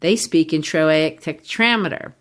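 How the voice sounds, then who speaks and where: A woman's voice: deep voice, moderate pace. A woman co-hosting a podcast, explaining a play in a teacherly, casual way and sounding out verse rhythms. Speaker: podcast co-host. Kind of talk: casual literature discussion.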